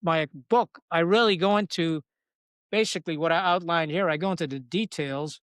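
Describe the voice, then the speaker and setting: Here a Pakistani man, a retired Marine officer appearing as a podcast guest, shares war stories in a blunt, salty, animated way. His pitch is fairly high and his pace moderate, and there's no echo. It's candid, conversational storytelling.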